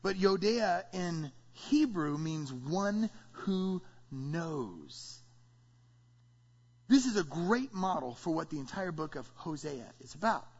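A man preaching a sermon as pastor, energetic and playful, drawing responses from his congregation. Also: fairly high pitch, takes it slowly, slightly rough. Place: church sanctuary. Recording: dull sound, long hall reverb.

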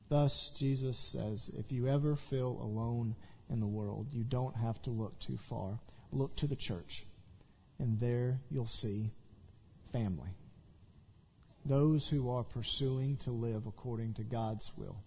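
A man's voice: mid-range voice, unhurried, mellow, highs cut off, a little hiss or hum. A man from Tennessee, a pastor giving an earnest, heartfelt church talk and leading prayer. He stumbles over his words and repeats them.

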